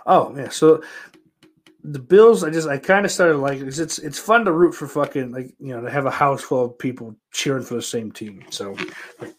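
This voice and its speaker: A man's voice: mid-range voice, moderate pace. A man from Western New York, a streamer chatting casually and answering viewer questions in a rambling, profane, self-interrupting way.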